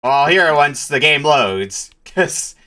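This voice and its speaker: A man's voice: a little high, lively intonation, measured pace, pushed and bright. A man hosting a retro gaming stream, chatting and explaining while he plays. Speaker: stream host. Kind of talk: casual group chat while gaming.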